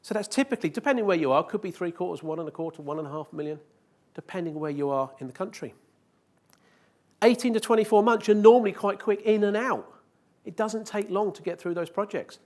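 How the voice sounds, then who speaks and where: This man's live talk in a conference hall is fast-paced, delivered in a high, slightly mellow voice. As a conference speaker, he jokes with the audience and leans on rhetorical questions.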